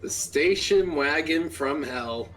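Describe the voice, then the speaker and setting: A man's voice: on the high side, expressive, takes it slowly, fairly bright tone, faint music behind. A man chatting casually and joking with a streamer during a game. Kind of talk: casual chat.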